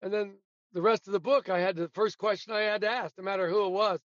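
A man as a guest on a talk show, telling animated anecdotes and laughing often. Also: high-pitched, fast, no room sound, lo-fi sound. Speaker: guest storyteller, sportswriter. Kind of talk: casual storytelling interview.

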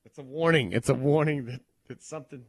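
A man co-hosting a morning radio show, bantering in a suspicious, animated way and mimicking voices. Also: mid-range voice, a little fast. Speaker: radio co-host.

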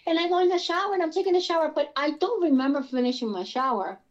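A woman from Pennsylvania telling her own experiences in a casual interview, animated and rambling with many restarts. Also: very high voice, fast, muffled recording. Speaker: guest experiencer.

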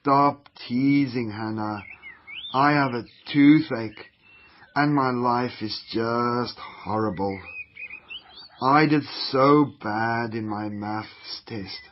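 A man's voice: medium pitch, takes it slowly, a little hiss or hum, lightly acted. A man voicing a whiny, easily led young schoolboy in a children's radio drama, with a slightly dull lo-fi sound. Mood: sulky. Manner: whiny, sulky complaining.

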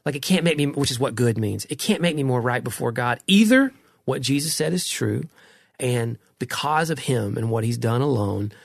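A man's voice: medium pitch, expressive, moderate pace, gravelly, no echo, clean studio sound. A middle-aged man in a casual conversation about faith, earnest and reflective, often restarting his sentences.

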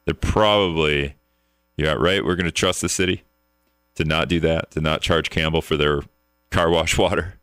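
A man's voice: rumbling low, steady tone, moderate pace, fairly bright tone, smooth, no echo, studio quality. A man from the hosting a call-in talk radio show, joking and rambling, often laughing at his own asides.

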